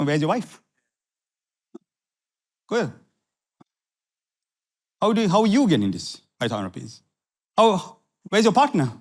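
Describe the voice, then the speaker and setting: Delivering a sermon, a middle-aged pastor from Sri Lanka repeats phrases and swings from low asides to heated questions.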